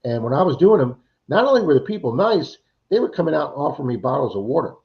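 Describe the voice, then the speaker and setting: Male host, casual livestream talk, lively storyteller, dull lo-fi sound. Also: a little high, fast. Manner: animated storyteller, acts out quoted voices. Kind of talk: casual chat. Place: Florida.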